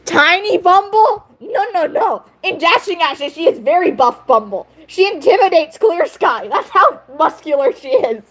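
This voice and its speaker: A woman's voice: high-pitched, sing-song, moderate pace, hardly any pauses. A young woman creator chatting casually while she draws, rambling with fillers and frequent giggles. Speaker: video creator. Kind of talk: casual chat while drawing.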